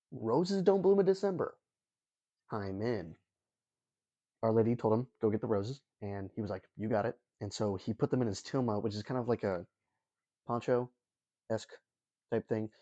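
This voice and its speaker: A young man hosting a casual lesson who retells the story in a jokey, slangy way, full of quick asides. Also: lowish voice, dark tone, lo-fi sound. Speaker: host.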